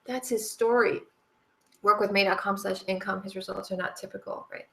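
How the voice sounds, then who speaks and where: A woman's voice: mid-range voice, fairly even intonation, moderate pace, vocal fry, sharp tone. A woman gives a motivational sales talk in an emphatic, repetitive way, laughing often. Her voice sits in the middle range. The sound carries a roomy echo. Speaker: host. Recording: echoey room.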